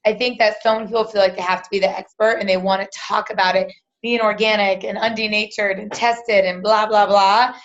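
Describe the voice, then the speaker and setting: A woman's voice: mid-range voice, steady tone, a little fast, hardly any pauses, muffled recording. A woman hosting an unscripted live Q and A, chatty and full of fillers, acting out quoted conversations. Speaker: team leader hosting a live Q and A. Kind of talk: unscripted live coaching chat.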